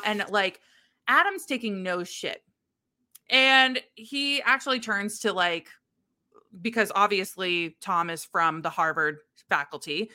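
A woman's voice: medium pitch, measured pace. A young woman co-hosting a podcast, telling a book's story in casual chat and acting out the quotes. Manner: animated storyteller, acts out quotes. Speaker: podcast co-host recapping a book.

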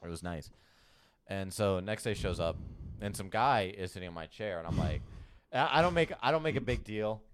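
A man's voice: fairly low pitch, expressive, moderate pace, a little hiss or hum. A young man on a casual podcast, telling a story with lots of laughs, swearing and quoted dialogue. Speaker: podcast co-host.

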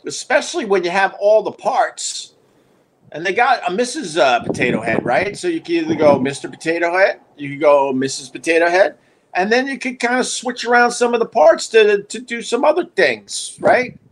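A man's voice: high-pitched, expressive, normal speed. A man hosting a livestream, telling a long casual story in a restless, self-mocking way, full of restarts and asides. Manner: wry, self-mocking humor. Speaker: livestream host.

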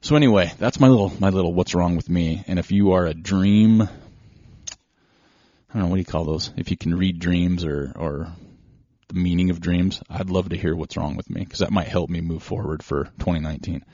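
A middle-aged man with a low, husky voice hosts a podcast and tells a story in a casual, rambling way, piling on one "so" after another. The recording sounds dry and a little dull. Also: brisk, no room sound. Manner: rambling, excitable, strings events together with "so". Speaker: podcast host.

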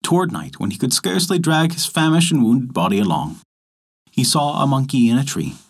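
A man narrating a folk tale in a measured, expressive storytelling manner, as host of a story podcast. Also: medium pitch, slightly rough. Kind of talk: scripted narration.

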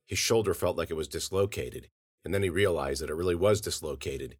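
A man narrating audio fiction in an expressive storytelling manner. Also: low voice, brisk, slightly rough.

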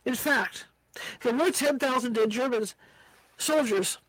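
A woman's voice: on the high side, unhurried, dry recording, low-quality recording. A woman reading a book aloud as an amateur reader, tripping over hard words and slipping in casual asides. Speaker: audiobook reader.

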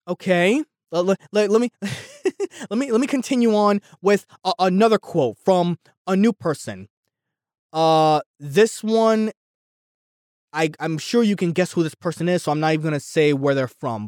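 A man's voice: high-pitched, a little slow, dry recording, studio quality. Fired-up ranting podcast man. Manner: heated, swears, repeats himself, swings between yelling and muttering. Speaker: podcast host.

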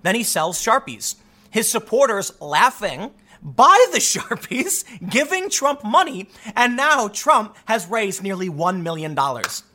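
Young male host, high bright voice, sarcastic and animated, mocks people in funny voices. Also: unhurried. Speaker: commentary show host. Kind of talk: opinionated political commentary monologue.

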